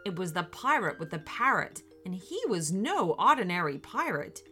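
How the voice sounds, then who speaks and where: A woman reading a children's story aloud in a gentle, expressive way, with faint music behind her. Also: lowish voice, normal speed. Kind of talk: scripted children's story narration.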